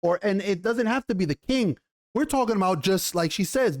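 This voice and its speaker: A man giving a casual, animated TV episode review in slangy talk, often repeating himself. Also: high-pitched, a little fast. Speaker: TV show reviewer.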